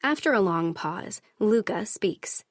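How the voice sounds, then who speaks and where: Woman audiobook narrator, first-person romance, measured and steady, dead-dry booth. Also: medium pitch, dry recording.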